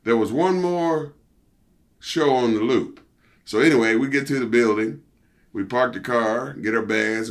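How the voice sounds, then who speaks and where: A middle-aged man, a former pro wrestler, telling stories in a casual interview, animated and profane, peppered with "you know" and "see". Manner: animated storyteller, jumps high for quoted outbursts.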